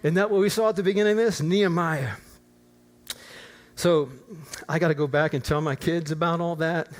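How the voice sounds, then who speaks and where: An older man preaches with a high, bright-sitting voice. He tells a personal story from the pulpit, dropping low for asides and climbing to fervent near-shouts. His delivery is animated and conversational. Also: normal speed. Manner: animated, rising to near-shouts in acted prayers. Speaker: pastor. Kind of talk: storytelling sermon. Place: church auditorium.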